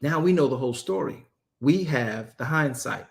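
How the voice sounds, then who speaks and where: A man teaching scripture in a loose, joking way, his voice swinging widely up and down as he talks straight to his listeners. He restarts and repeats phrases as he works through a point. His pitch sits in a middle range. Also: expressive, moderate pace, creaky. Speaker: apostle teaching a Bible study. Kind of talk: casual Bible study teaching.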